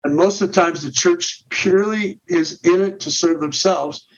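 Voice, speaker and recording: A middle-aged man explains a ministry plan point by point in a podcast interview. His voice sits a bit high and he restarts and repeats words as he goes. The recording sounds dull and muffled. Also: normal speed. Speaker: guest, men's ministry director.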